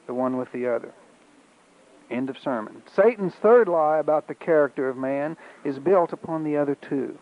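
A man preaching a sermon with an emphatic, repeating cadence and frequent throat-clearing. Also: fairly high pitch. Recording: dull lo-fi recording.

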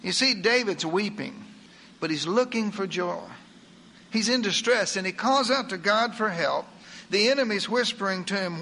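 A man preaching a sermon in an earnest way, slowing down when he reads scripture aloud. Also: sits high, expressive, bright, forceful tone, slight background noise.

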